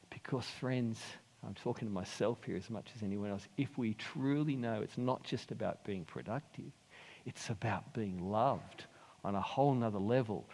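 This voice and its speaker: A man preaching a sermon, earnest and storytelling, dropping into quiet intimate passages. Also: medium pitch. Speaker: pastor. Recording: long hall reverb.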